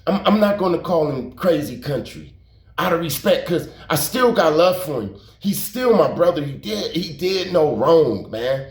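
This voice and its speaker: With a fairly high pitch and an animated delivery at normal speed, a male YouTube storyteller rambles casually, repeating himself and cursing and using slang for emphasis. Roomy echo surrounds the recording.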